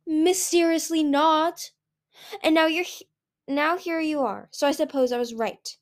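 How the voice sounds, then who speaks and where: A woman's voice: high-pitched, fairly even intonation, unhurried, pitched above the performer's own voice. A woman voicing a bossy, scornful male jungle dragon who scolds sarcastically. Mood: scolding.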